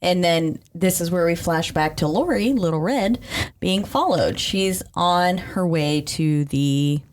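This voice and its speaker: A woman's voice: on the low side, slow pace, a little hiss or hum. A woman casually retelling a horror movie plot with a co-host, chatty and acting out characters' lines. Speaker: podcast co-host. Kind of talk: casual movie recap chat.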